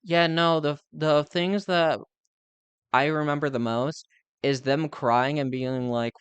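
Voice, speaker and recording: A man's voice: on the high side, steady tone, slow, smooth, no room sound. A young man chatting casually as a live streamer, speaking candidly and rambling with lots of filler words. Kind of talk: casual chat.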